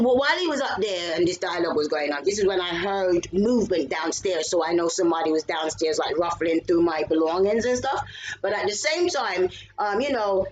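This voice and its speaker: Lively British woman telling a story. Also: mid-range voice, very noisy. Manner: lively, swearing, bursts into shouts. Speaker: vlogger. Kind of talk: animated personal storytelling.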